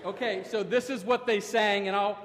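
A man's voice: sits high, steady tone, moderate pace, background noise. A middle-aged man from Ohio preaching a sermon as pastor, with wry, self-deprecating storytelling and comic timing, recorded from a pulpit microphone in a church sanctuary. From Ohio, USA. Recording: echoey church hall. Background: congregation laughing.

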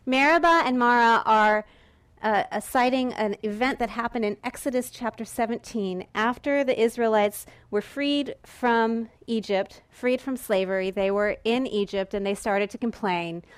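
A woman preaching a sermon in a lively, conversational way, now and then acting out the voices of the people in the story. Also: on the high side, moderate pace, clear, resonant tone. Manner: lively and conversational, acts out voices of Israelites and God. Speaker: pastor.

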